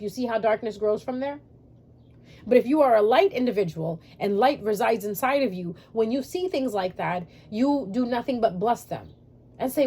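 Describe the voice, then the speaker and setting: A woman's voice: fairly high pitch, animated, normal speed, mellow, breathy edge. A woman vlogging spiritual advice to her subscribers, emphatic and repetitive, speaking straight to her viewers. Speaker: spiritual YouTuber.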